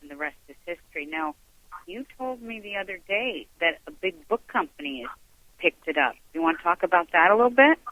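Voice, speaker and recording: A man's voice: high-pitched, animated, fairly quick, bright, forceful tone, no echo. A man hosting a radio show, chatting casually with a guest and gushing with praise. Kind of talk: casual interview chat. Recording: tinny phone line.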